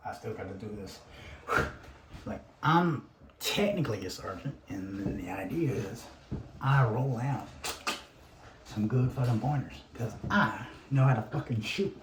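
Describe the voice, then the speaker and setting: A man's voice: fairly low pitch, lively intonation, measured pace, very noisy. A man in a rambling, profane casual monologue, sighing often and restarting his sentences. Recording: roomy room, faint ambience.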